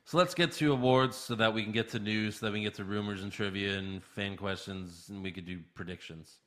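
Male co-host, casual recap chat, blunt delivery, crisp bright voice. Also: lowish voice, steady tone, a little hiss or hum. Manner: blunt, profane, recaps with quick jokes. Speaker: podcast co-host.

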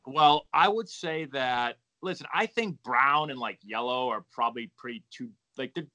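Bright-voiced man with a light Boston accent. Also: medium pitch, moderate pace. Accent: Boston, softened. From Massachusetts. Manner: easygoing, rambling, many fillers and restarts. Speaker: podcast guest, former ballplayer and coach. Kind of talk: casual interview chat.

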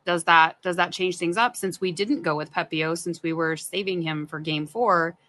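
A woman's voice: fairly low pitch, steady tone, moderate pace, fairly bright tone, a little hiss or hum. A woman co-hosting a sports podcast, thinking aloud and weighing both sides. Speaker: podcast co-host. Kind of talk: casual sports podcast talk.

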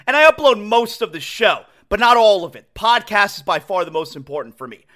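A man hosting a sports podcast solo, emotional and excited, often restarting his words. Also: high-pitched, fairly quick. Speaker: podcast host.

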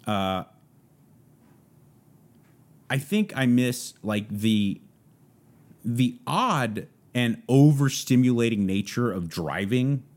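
A man's voice: medium pitch, very animated, slow, long pauses, a little mellow. A man from Southern California hosting a podcast, rambling through a casual solo monologue full of fillers. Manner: rambling, loose, lots of fillers. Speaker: podcast host.

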